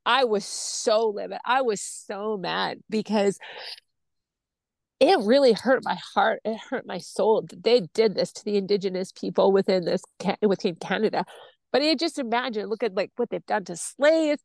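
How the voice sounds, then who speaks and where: In a creaky, mid-range voice at a moderate pace, this podcast guest bluntly and animatedly recounts something from her own life. She acts out others' voices and curses without holding back. There's no echo.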